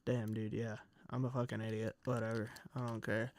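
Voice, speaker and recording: A man's voice: lowish voice, little pitch movement, a little fast. A man streaming, ranting with angry, profane exasperation as he reads news aloud. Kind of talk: casual ranting commentary while reading news aloud.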